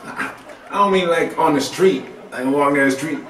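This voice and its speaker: Doing a comedy set at a club, this man talks briskly in a slightly high voice, keeping things casual and colloquial with lively ups and downs. Some chatter and slight background noise come through the roomy sound of a distant mic.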